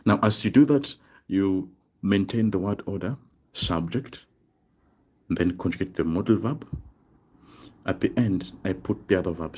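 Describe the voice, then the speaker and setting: A man teaching an online language lesson, explaining slowly and deliberately and drawing out each example word. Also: low-pitched, lively intonation, darkish tone, slightly rough. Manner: slow, deliberate explaining with drawn-out example words.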